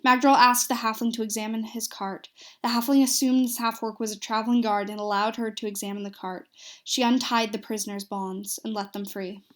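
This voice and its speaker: A woman's voice: a little high, fairly even intonation, fairly quick. A woman narrating a recap of a tabletop fantasy game, reading steadily with small slips and restarts.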